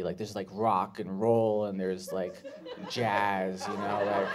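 A man doing stand-up on a comedy club stage, awkward with deadpan asides. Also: lowish voice, moderate pace, crowd noise. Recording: live club audience noise.

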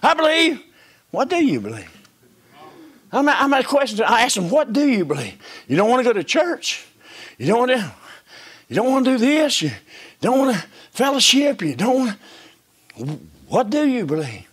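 A man preaching a sermon in a church service, folksy and full of rhetorical questions, swinging between hushed whispers and shouts. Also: very high-pitched, wildly swooping pitch, moderate pace, pauses often, slightly rough.

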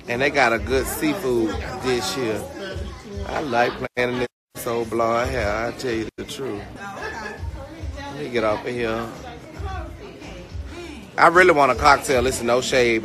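A man vlogging from a restaurant on his lunch break, joking loudly and teasing in sassy asides. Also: medium pitch. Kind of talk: casual vlog chat. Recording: music and busy crowd behind.

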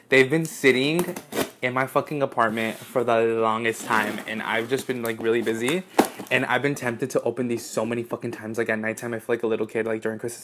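In his twenties, an excitable American YouTuber opens fan mail for a casual unboxing vlog at home in his apartment, speaking briskly with background noise behind him and swearing freely. His mid-pitched voice dips lower and quieter for asides, then jumps into high squeals whenever he's delighted.

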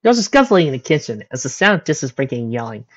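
A woman reading a fan story aloud with animated, brisk narration. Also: a bass voice, highs cut off. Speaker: fanfiction reader.

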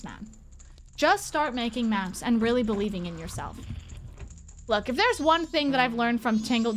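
Excitable, high-voiced woman streamer. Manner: excitable and goofy, swears freely, chats to viewers. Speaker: gaming streamer. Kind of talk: casual let's-play commentary.

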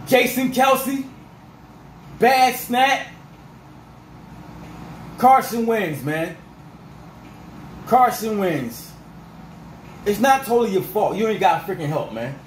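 A man ranting as a sports fan vlogger, fired up and repetitive, his voice going rough. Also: high-pitched, very animated, takes it slowly, long pauses, roomy sound, a little hiss or hum, rough recording. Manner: fired-up, repetitive, peppered with 'freaking' and 'dog'.

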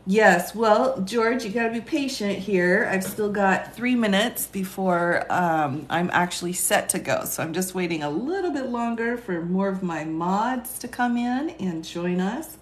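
A woman's voice: medium pitch, lively intonation, a little slow. A woman hosting a live stream takes her time and chats easily, laughing often as she reads viewer comments and answers them like a teacher. Her voice sits in a middle range, and the room gives it a noticeably roomy echo.

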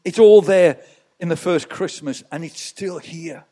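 A man's voice: a little high, a little slow, warm tone, slightly rough. A male pastor preaching a sermon in church, telling stories with rhetorical asides to the congregation.

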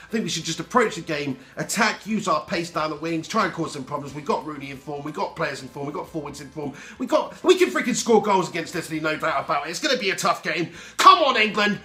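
Sweary young man with a cold. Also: a little high. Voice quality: lively, sweary banter. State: heavy head cold. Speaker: football fan vlogger. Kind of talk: casual Q&A vlog.

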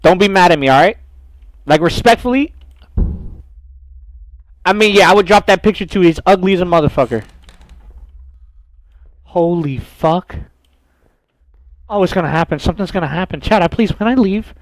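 A young man streaming a horror game, loud, profane and jumpy, talking to his chat and to the game characters. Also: sits high, moderate pace, pauses often, no room sound. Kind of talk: horror game playthrough commentary.

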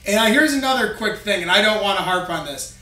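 A man's voice: high voice, animated, fast talker, bright, forceful tone, reverberant, recorded from a distance. A man co-hosting a casual chat, blunt and dismissive, swearing freely. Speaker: podcast co-host, group admin.

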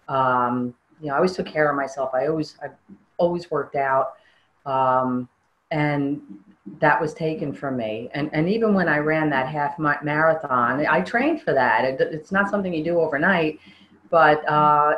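Earnest woman with a low voice. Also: highs cut off. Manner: earnest, halting, with frequent restarts. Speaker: interviewee. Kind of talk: personal testimony interview.

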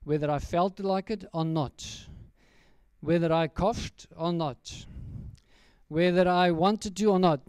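Storytelling pastor. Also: male voice, high voice, steady tone, slow, darkish tone, smooth, no room sound. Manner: storytelling preacher speaking directly to the children. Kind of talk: sermon.

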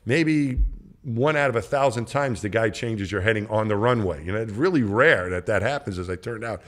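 Deep-voiced man around sixty telling a story. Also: moderate pace. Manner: rambling, conversational storytelling with many restarts; acts out others' lines in quoted voices. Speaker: podcast guest, former astronaut. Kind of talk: casual anecdote telling.

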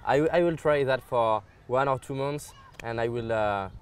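A man's voice: mid-range voice, moderate pace, smooth. A male interviewer asking questions hesitantly, with many fillers. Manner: hesitant, laughs often. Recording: loud street noise outdoors.

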